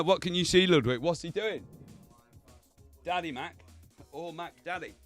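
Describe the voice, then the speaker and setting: A man's voice: a little high, moderate pace, a bit bright, soft background music. A man hosting a casual livestream, chatty and swearing, laughing often. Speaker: livestream host. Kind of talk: casual stream chat.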